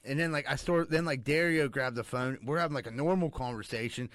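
Bright-voiced man telling a story. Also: medium pitch, a little fast, no echo. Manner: animated storyteller who acts out other people's lines. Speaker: podcast co-host. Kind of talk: casual group chat.

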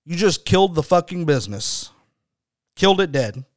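A man's voice: on the high side, big pitch swings, moderate pace, dry recording, clean studio sound. A man voicing a furious male wrestling promoter who scolds a wrestler coldly. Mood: scolding. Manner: cold scolding.

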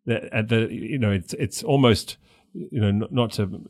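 A male host with a fairly low voice, asking long, meandering questions. He often restarts his sentences as he searches for words. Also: moderate pace, a little mellow. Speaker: podcast host. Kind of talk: interview questions.

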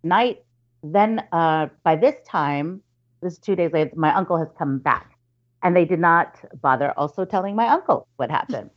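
A woman tells a spooky family story in a relaxed, chatty way. She trips over her words and restarts often, and slips into her relatives' voices. Her voice sits a little low, and the audio is somewhat dull and lo-fi. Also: normal speed. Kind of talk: casual storytelling.

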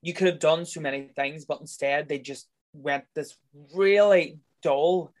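Man, somewhat high voice, blunt sweary film chat, exasperated. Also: measured pace. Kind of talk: casual film review chat.

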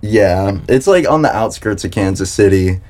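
Young male podcast host, low mellow voice, loose and rambling. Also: lively intonation, moderate pace. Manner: laid-back, rambling, heavy on "dude" and "like". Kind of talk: casual chat.

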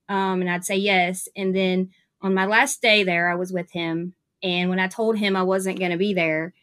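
A woman's voice: medium pitch, pushed and bright. A woman with a Southern US accent, a nurse, chatting casually in an interview and telling stories with lots of fillers. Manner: chatty, upbeat storyteller with many fillers.

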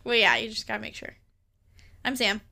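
A woman's voice: on the high side, lively intonation, a little fast, creaky, crowd noise. A woman co-hosting a movie podcast in casual chat, giggly and rambling as she reads the plugs. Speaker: podcast co-host.

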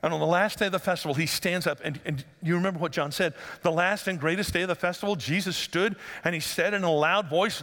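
A man preaching a sermon as pastor, conversational and joking, then rising to loud emphatic passages. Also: high voice, quick pace, few pauses, long reverb tail.

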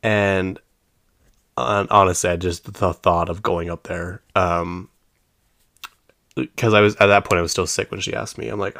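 A man's voice: low voice, steady tone, moderate pace, vocal fry, a bit bright. A man hosting his own podcast from home, chatting casually and rambling off topic with lots of fillers. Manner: chatty storyteller who laughs often. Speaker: podcast host. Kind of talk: casual solo podcast chat.

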